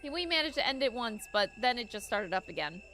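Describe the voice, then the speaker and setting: A woman streamer reading game dialogue aloud during a playthrough, expressive, swearing and joking to chat. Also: a little high, brisk, slight background noise.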